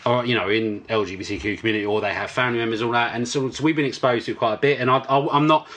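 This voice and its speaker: A man with a bright, forceful voice, chatting loosely as a podcast host. He swears freely and laughs easily, telling stories in blunt everyday terms. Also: mid-range voice, steady tone, rapid-fire. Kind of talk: casual drunken chat.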